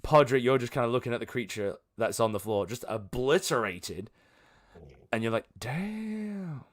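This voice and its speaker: A man's voice: mid-range voice, moderate pace. A man narrating as game master of a tabletop game, chatty and rambling, with frequent fillers.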